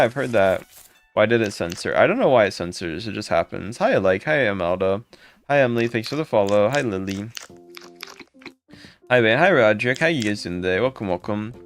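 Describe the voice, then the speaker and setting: A man hosting a casual live stream, thanking and greeting viewers by name in quick upbeat bursts. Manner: upbeat, jumps into high excited calls when thanking donors. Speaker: livestream host.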